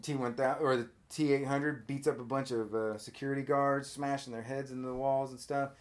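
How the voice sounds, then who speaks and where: A man hosting a casual podcast, animatedly retelling a film scene by scene and briefly acting out characters' lines in quick voices. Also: medium pitch, steady tone. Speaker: podcast host. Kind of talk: casual movie recap chat.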